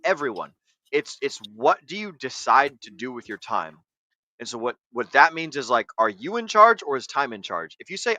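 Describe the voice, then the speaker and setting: Male host, coaching lecture style, bright voice, dry recording. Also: mid-range voice, very animated, normal speed, dry recording, low-quality recording. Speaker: podcast host. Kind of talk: casual livestream chat.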